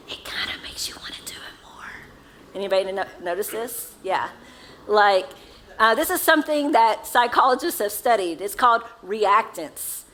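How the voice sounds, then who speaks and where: A woman with a Southern accent, her voice slightly high and a touch bright, preaches a sermon from a church sanctuary. She keeps it casual and conversational, putting questions to the congregation. The recording quality is low.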